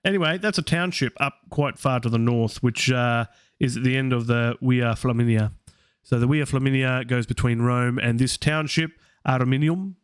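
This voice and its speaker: An Australian man hosts a live Latin study session, musing aloud and pausing on fillers as he works through each sentence. His voice is smooth and resonant at a middle pitch. The sound is dry and close, with no room echo.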